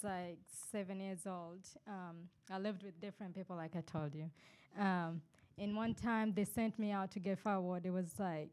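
A woman in casual conversation begins telling a story from her childhood. She sounds hesitant at first and fills her pauses with "um" and "uh". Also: mid-range voice, a little mellow.

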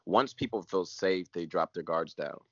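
Very low-voiced pastor guy, earnest, repeats himself, dry muffled sound. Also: normal speed, husky, no echo. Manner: earnest, repeats phrases, voice drops to near whisper at times. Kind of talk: emotional personal testimony.

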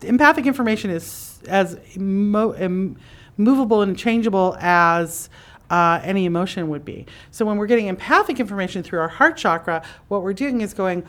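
A chatty woman hosting in front of a live audience, her voice sitting at a middle pitch. She explains things in a loose, conversational way, and she voices imagined thoughts with sudden, lively jumps in pitch. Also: moderate pace. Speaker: podcast host and psychic teacher. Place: conference room with a live audience.

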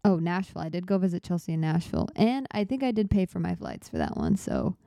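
Chill, breathy-sounding young woman podcaster. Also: lowish voice, big pitch swings, fast talker, dark tone, dry recording, studio quality. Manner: chatty, self-deprecating, rambling. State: slightly out of breath. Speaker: podcast host. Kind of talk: laid-back solo podcast chat.

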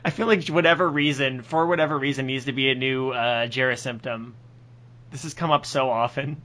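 Guy cohost cracking jokes, bright clear voice, chill banter. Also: mid-range voice, steady tone. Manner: jokey, quick to riff and laugh. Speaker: podcast co-host. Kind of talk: casual comedic banter.

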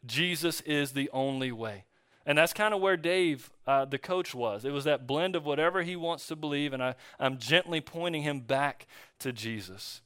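A male pastor preaching a conversational sermon, telling a story in a relaxed way with fillers and restarts. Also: a little high, moderate pace, smooth, dry recording, clean studio sound. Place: church.

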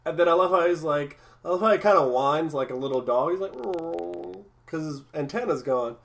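A man in casual podcast chat, rambling through his points with lots of restarts and easy laughter. His voice sits a little high for a man. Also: fast, a bit bright. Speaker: podcast co-host. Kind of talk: casual episode recap chat.

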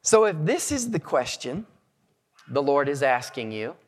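A man preaches in a slow, deliberate sermon, his fairly high voice swinging widely in pitch as he stresses key words. The sound carries a long reverb, like a large church hall. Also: very animated. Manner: earnest, measured preaching with emphatic rises. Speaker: pastor.

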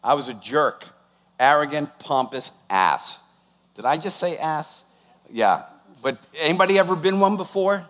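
Animated pastor in his sixties, high-ish. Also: unhurried, big-room sound. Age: 60s. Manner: animated, asks the congregation questions, emphatic. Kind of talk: sermon.

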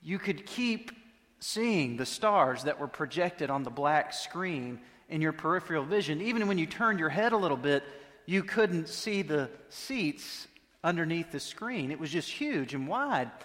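A man preaching a sermon, telling a story in a conversational way with dramatic pauses. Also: a little high, animated, fairly bright tone. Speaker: pastor. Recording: long reverb of a large hall.

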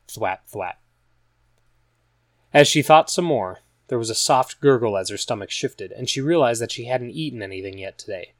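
A man's voice: medium pitch, no room sound. Man narrating a story, dry sound. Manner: even, measured storytelling. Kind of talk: scripted audiobook narration.

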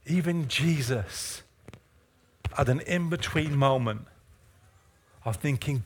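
A male pastor preaching a sermon with passion, moving from hushed, slow passages to fervent, urgent ones. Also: a little high.

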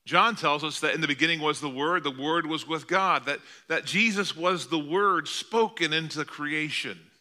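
Male pastor, middle-aged, very bright tone, earnest conversational sermon delivery. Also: on the high side, normal speed, hardly any pauses. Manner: earnest, conversational preaching with rhetorical questions.

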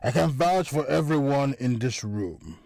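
A man voicing a deep-voiced gang member who calmly denies the charges. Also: unhurried, gravelly, no echo, studio quality. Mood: firm.

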